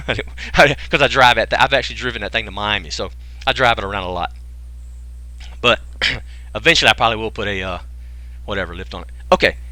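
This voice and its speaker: A man's voice: lowish voice, fast talker, sharp tone, no echo. A man hosting an online sales webinar, joking around and firing off rhetorical questions in folksy slang. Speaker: webinar host pitching a business program. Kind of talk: casual sales pitch to a live online audience.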